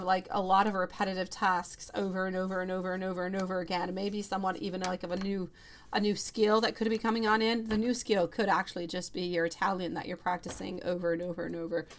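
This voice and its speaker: A woman's voice: mid-range voice, a bit bright. A woman giving a live tarot reading, chatty and affectionate, calling viewers sweetie and love between giggles. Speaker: tarot reader.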